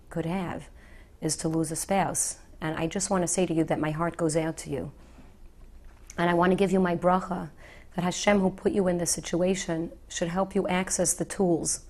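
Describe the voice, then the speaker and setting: Soft-spoken widow, earnest and reassuring. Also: female voice, lowish voice. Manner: soft, earnest, reassuring, repeats key phrases. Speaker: widow giving advice to the bereaved. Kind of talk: gentle heartfelt talk to the viewer.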